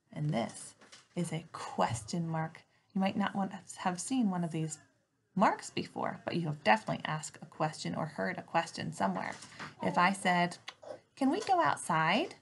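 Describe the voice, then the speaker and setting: Speaking at a fairly low pitch over a little hiss or hum, a woman teacher runs a phonics lesson for young kids from home. She demonstrates each letter sound slowly and clearly with lively, sing-song delivery.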